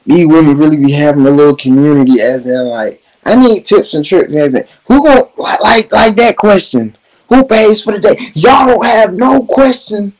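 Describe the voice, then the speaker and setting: A man's voice: on the high side, normal speed, darkish tone, rough recording. A young man hosting a reaction video, giving blunt, profane commentary in a ranting way. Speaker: reaction host.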